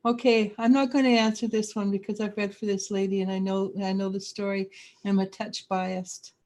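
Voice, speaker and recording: Soft-spoken woman psychic reader. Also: mid-range voice, little pitch movement, normal speed. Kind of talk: casual livestream reading chat.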